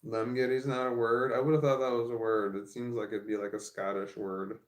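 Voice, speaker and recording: A man's voice: medium pitch, level tone, a little fast, echoey room. A man in his forties chatting casually on a livestream, rambling and candid as he thinks aloud. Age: 40s. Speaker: streamer.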